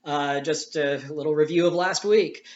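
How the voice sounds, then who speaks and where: A man teaches a recorded lesson from home, explaining patiently and filling his pauses with "uh." The room is echoey around him, and the recording sounds dull and lo-fi. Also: on the high side, a little mellow. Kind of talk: recorded classroom lecture.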